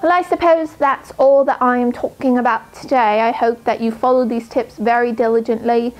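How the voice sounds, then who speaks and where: A woman's voice: on the high side, steady tone, moderate pace, close to an everyday voice, low-quality recording. A woman voicing an earnest, studious teenage girl witch in a put-on British accent, giving precise, lecturing advice. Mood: prim, earnest.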